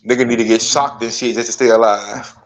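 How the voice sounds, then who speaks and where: A man's voice: medium pitch, level tone, brisk, a crowd in the background, low-quality recording. A man chatting casually with friends on an online voice call, laid-back and full of slang and profanity. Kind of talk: casual chat.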